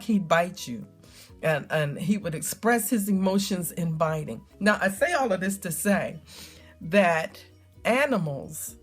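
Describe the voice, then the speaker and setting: Middle-aged woman vlogger, chatty and emphatic, repeats lines for weight. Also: medium pitch. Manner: chatty, storytelling, emphatic repetition, frequent ums. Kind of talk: casual talk to camera.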